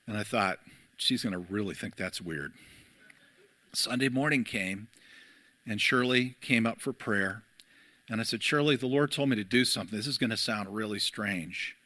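A middle-aged pastor preaches to his congregation, unhurried and storytelling, with frequent "uh"s between phrases. His voice is bright and ringing, and the sound is close and dry, with no echo. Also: lowish voice. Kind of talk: sermon. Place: church.

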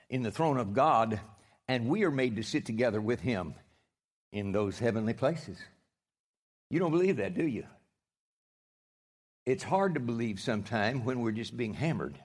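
A man's voice: mid-range voice, husky. A man preaching a sermon as pastor, direct and emphatic, with dry sarcasm and frequent restarts.

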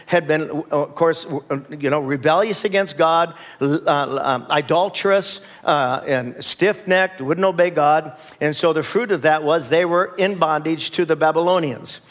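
A man's voice: fairly high pitch, fairly bright tone. An older man preaching a sermon as pastor, leading the church in call-and-response with folksy asides and chuckles.

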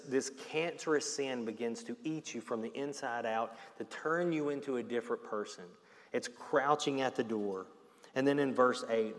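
A man delivers a sermon in a mid-range voice, earnest and expressive, his intensity swelling and easing. His words ring out with a long reverb, as if from a large hall. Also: medium pitch. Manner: earnest preaching, rising and falling in intensity. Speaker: pastor.

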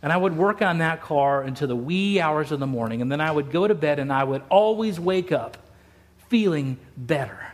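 A man's voice: fairly high pitch, animated, moderate pace. A middle-aged man from Utah preaching a sermon, telling stories with emphatic, repeated phrases. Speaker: pastor.

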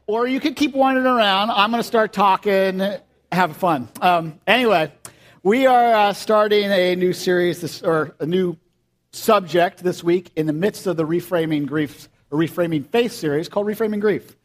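A middle-aged man preaching a casual sermon as pastor, telling stories and acting out quotes in a chatty way. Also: normal speed. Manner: chatty and storytelling, acts out quotes in high voices.

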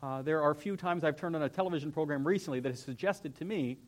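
A young male pastor with a fairly high voice gives a lively, conversational sermon in a church. His delivery swings between quiet, reflective passages and sudden energetic peaks. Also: fast. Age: young adult. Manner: animated, conversational, acts out whiny voices. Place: church sanctuary.

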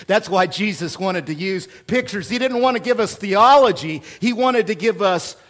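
Male preacher, middle-aged, light high voice, dynamic sermon delivery from hushed to booming. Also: animated, moderate pace. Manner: dynamic preacher, swings from hushed prayer to loud storytelling. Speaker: pastor.

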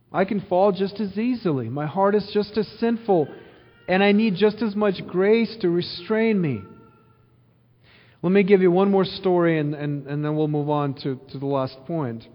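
A male pastor giving an earnest sermon full of repeated phrases and rhetorical questions. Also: sits high. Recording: dull sound with long hall reverb.

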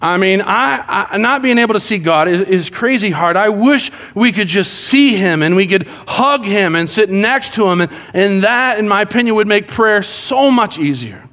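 A middle-aged man preaching a sermon to his church, an animated storyteller who jokes and acts out what people say. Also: sits high, normal speed, few pauses. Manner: animated, joking storyteller acting out quotes. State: out of breath. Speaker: pastor. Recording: long hall reverb.

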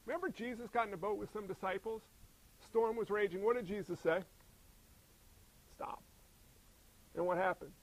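A man preaching a sermon in a lively, conversational way, firing rhetorical questions and acting out quoted voices. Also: high voice, fast talker, low-quality recording. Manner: acts out quoted voices in character. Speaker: pastor.

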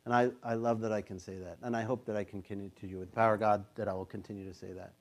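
A man's voice: on the low side, fairly even intonation, very fast. A man in his fifties, a pastor, preaching a sermon in a casual, conversational way, sometimes acting out the voices he quotes.

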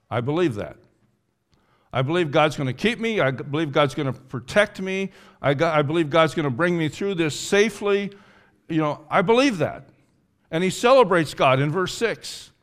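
Preacher: man, slightly high pitch, delivers a sermon with strong swings in volume and pitch. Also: expressive, normal speed. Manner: wide swings from loud and high to quiet and low; acts out the speaker's pleading in the first person. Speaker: pastor.

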